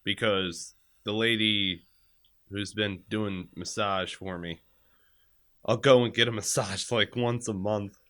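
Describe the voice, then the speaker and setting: A man's voice: fairly low pitch, steady tone, slow pace, a bit bright. A man co-hosting a casual chat, laughing and cursing as he talks through the pain of a hurt back. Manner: profane, laughing storyteller. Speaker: podcast co-host.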